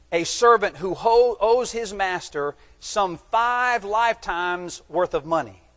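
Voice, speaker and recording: A man's voice: fairly high pitch, fairly bright tone. A man preaching a sermon, reading scripture aloud and stopping to point out key words for his listeners to mark. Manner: emphatic, teaching, tells listeners to underline words; reads scripture aloud in old-fashioned wording. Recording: long reverb of a large hall.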